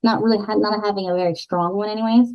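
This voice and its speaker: A woman's voice: mid-range voice, quick pace. Talkative woman, slightly dull audio. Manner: relaxed, talkative, with fillers. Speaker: podcast co-host. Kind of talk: casual book chat.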